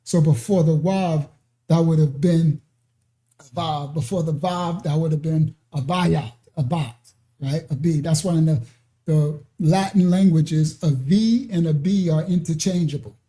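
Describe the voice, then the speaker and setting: An unhurried ministry teacher walks listeners through an informal scripture lesson, keeping a slow, steady pace. The tone is very dark and mellow. He often pauses to check in with "right?" and "okay?" and drifts into side paths with fillers and restarts. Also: medium pitch. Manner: digressive, with many fillers and restarts.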